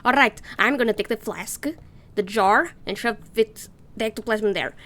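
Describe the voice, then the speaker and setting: Woman gamer, slightly high voice, casual playthrough chatter, loose swearing, excitable squeals. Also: normal speed. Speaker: let's play gamer. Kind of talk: casual gameplay commentary.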